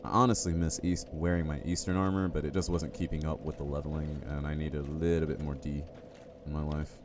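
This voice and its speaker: A man's voice: rumbling low, normal speed, darkish tone, a little hiss or hum. A man streaming a game live, chatty and jokey, reacting to the game and talking to his chat. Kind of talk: live gameplay commentary.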